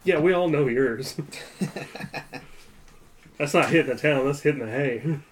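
A man's voice: a little high, slow, slight background noise. Teasing podcast guy with comebacks. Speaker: podcast co-host. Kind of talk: casual podcast banter.

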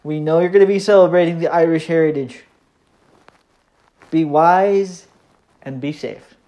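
A podcast host, a man with a Michigan accent, talks on his own in a loose, rambling way. He pokes fun at himself and fills his pauses with plenty of ums and uhs. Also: on the high side, warm tone. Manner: rambling, self-deprecating, chatty with frequent fillers. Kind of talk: casual solo podcast monologue.

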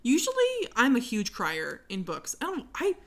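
A woman's voice: on the high side, wildly swooping pitch, moderate pace, a bit bright. A young woman chatting casually about books, giggly, swearing now and then and trailing off mid-sentence. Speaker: podcast co-host.

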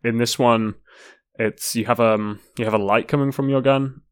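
A man co-hosting a podcast in casual chat, laid-back and halting, often giving short agreeing replies. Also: mid-range voice, fairly even intonation, clear, resonant tone, dry recording. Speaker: podcast co-host.

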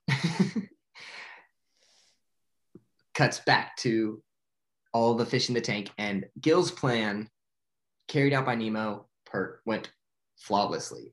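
A young man casually retelling a movie plot in a rambling way, full of "like" and excited acted-out quotes. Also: fairly low pitch. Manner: rambling, filler-heavy with frequent "like". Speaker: movie recapper. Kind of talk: casual spoken movie recap.

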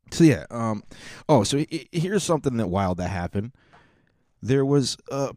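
A man's voice: low voice, warm tone, no room sound, clean studio sound. A man hosting a casual solo podcast, talking in a rambling, offhand way. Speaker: podcast host.

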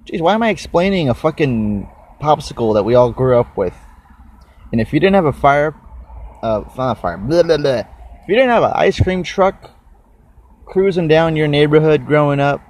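A man's voice: on the high side, animated, normal speed, darkish tone. A young man hosting a casual solo podcast, rambling and cursing while he chews and snacks on mic. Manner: rambling, swears a lot, chews and eats while talking. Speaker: podcast host.

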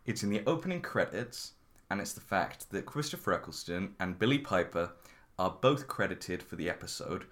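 A man hosting a casual podcast chat, relaxed and steering the discussion. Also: deep voice, normal speed. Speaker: podcast host.

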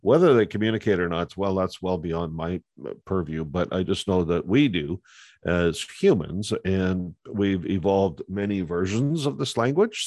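A man's voice: deep voice, a little mellow, dry recording, clean studio sound. A man talking earnestly in a conversational podcast, with frequent fillers and restarts as he makes his point about communication.

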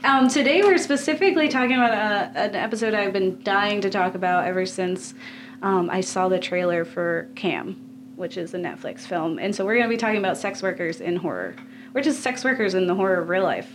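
A woman's voice: medium pitch, animated, fairly quick, slight background noise. A woman hosting a podcast from a home basement, talking casually and laughing often between her phrases. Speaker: podcast host. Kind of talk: casual chat.

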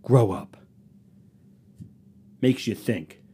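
A man's voice: fairly low pitch, lively intonation, drawn-out words, mellow, slightly rough. A young man hosting his own podcast, ranting sarcastically about rude customers and mocking them in put-on voices. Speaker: podcast host. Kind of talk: solo comedic podcast rant.

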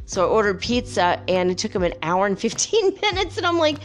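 A woman vlogger casually telling viewers a rambling, animated story, with playful whoops and laughs. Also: lowish voice, brisk, few pauses, faint music behind. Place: home by the Pacific.

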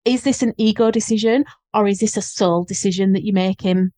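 A woman's voice: mid-range voice, fairly even intonation, brisk, mellow, no echo. A woman with a Northern English accent, a guest business coach talking in an earnest, flowing, reflective way in a casual podcast chat.

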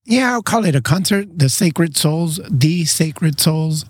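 A man's voice: on the high side, lively intonation, slow, slightly rough, no room sound, clean studio sound. A man chatting easily as a guest on a casual podcast outdoors, rambling with lots of "you know.". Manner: easygoing, rambling, many fillers like "you know". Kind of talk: casual chat. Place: outdoors in a backyard treehouse.

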